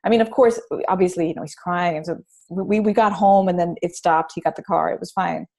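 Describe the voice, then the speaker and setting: Brief: female parenting author guest, warm mellow tone, chatty storyteller, lots of restarts. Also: fairly low pitch, brisk, gravelly. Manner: animated storytelling with many restarts and fillers. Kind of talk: casual interview conversation.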